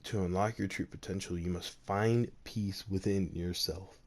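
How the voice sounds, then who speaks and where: A man voicing a dying old male martial arts master, who speaks weakly and quietly in halting phrases. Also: low voice, fairly even intonation, natural voice. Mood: hushed. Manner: quiet, weak, halting speech. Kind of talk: storytelling.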